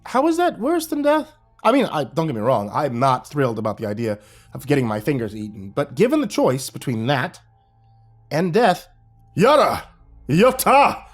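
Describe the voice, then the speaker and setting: A man narrating a horror story in an expressive, wry and dramatic way. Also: medium pitch, moderate pace, soft background music.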